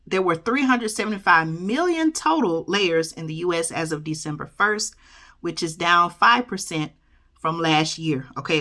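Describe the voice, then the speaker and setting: A YouTube news reader with a lowish, sharp voice goes through an article casually, adding her own remarks. She stumbles now and then and fixes it, and she constantly drops in "okay?" and "y'all" in a chatty way.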